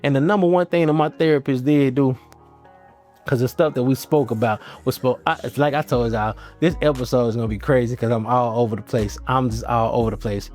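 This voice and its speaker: A channel host chats casually to the camera in a rambling, slangy way, often restarting his sentences. His voice is medium-pitched and darkish, with fairly even intonation and a brisk pace. Faint guitar music plays in the background.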